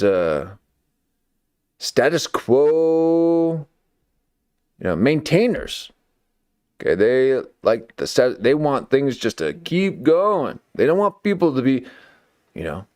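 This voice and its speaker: A man's voice: medium pitch, sing-song, slow pace, long pauses, a little mellow. A man hosting a late-night commentary stream, talking in a sarcastic, rambling way and often tacking on "okay" and "folks". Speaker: live stream host.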